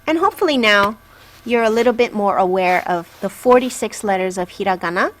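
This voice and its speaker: A woman's voice: mid-range voice, fairly quick, slight background noise. A woman teaching Japanese syllables in a patient lesson, carefully sounding each one out and checking in with the learner. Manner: patient, clearly enunciating syllables. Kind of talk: slow, patient language lesson.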